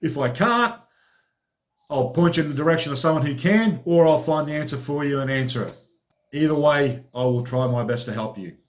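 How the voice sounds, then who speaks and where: A man's voice: fairly high pitch, a little fast. A man hosting his own training diary vlog as a personal trainer, talking in a chatty, informal, upbeat way.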